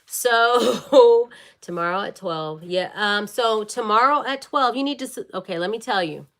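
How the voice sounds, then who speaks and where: A woman chatting warmly and bubbly with viewers on a casual livestream. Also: mid-range voice, expressive, a little slow. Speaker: wellness vlogger and fitness live-streamer.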